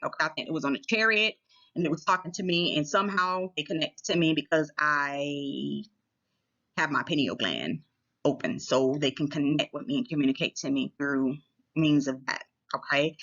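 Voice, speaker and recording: A woman's voice: deep voice, moderate pace, a bit bright, highs cut off. A woman telling a personal story to her viewers in a casual, chatty way, often checking in with them as she goes. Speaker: vlogger.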